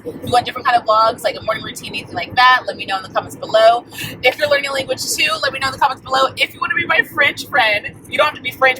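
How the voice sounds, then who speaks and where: A young adult woman in casual, upbeat vlog chat, talking while she drives and sometimes trailing off into mutters. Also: mid-range voice. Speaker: vlogger. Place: in a car while driving. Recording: car noise in the background.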